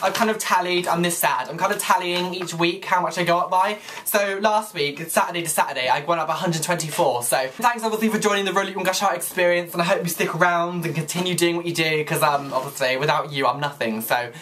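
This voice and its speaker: A tired young man, chatting casually to camera in a vlog, ranting and swearing excitedly. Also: on the high side, quick pace, few pauses, a little hiss or hum. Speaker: vlogger.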